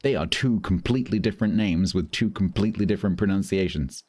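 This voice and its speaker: A man's voice: low-pitched, quick pace, a little mellow, breathy edge, no room sound. A middle-aged British man with a British English accent chatting casually on a live stream, amused and talkative, thanking viewers between stories. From Britain.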